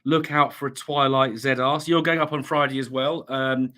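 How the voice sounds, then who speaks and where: A man's voice: medium pitch, fairly even intonation, moderate pace, hardly any pauses, sharp tone. Rambling, chatty English man streaming. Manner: chatty, rambling, many ums and restarts. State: slight cough, recovering from illness. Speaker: livestream host reading chat. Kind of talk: casual chat.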